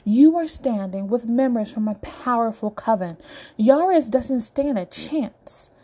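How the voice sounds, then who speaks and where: Woman doing a bossy stern witch, chiding, mellow dark tone, storybook. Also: a little high, lively intonation, unhurried. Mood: commanding. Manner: chiding, imperious. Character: stern commanding older female witch.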